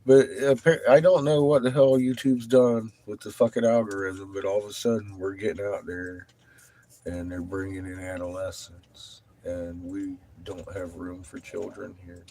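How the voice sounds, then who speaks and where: A middle-aged man livestreaming a profane rant, dropping from low muttering to loud, combative outbursts. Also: steady tone, normal speed, a little hiss or hum. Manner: heavy swearing, blunt and combative.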